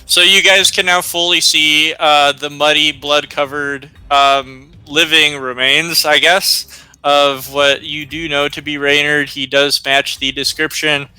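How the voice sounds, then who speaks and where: A man narrating a tabletop game as game master, slow and hesitant with many fillers. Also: fairly high pitch, sharp tone, clean tone, no room sound, rough recording.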